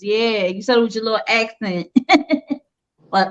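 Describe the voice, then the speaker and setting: Quiz host, female, playful and teasing, higher voice, unhurried, lo-fi audio. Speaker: game show host. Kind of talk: casual quiz hosting.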